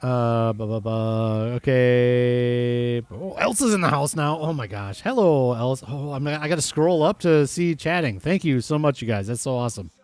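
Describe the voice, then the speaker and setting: A man's voice: mid-range voice, animated, normal speed, darkish tone, no echo, faint music behind. A man casually commentating his farming game on a live stream, reading chat and rambling through asides. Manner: chatty, reads chat aloud, rambling asides.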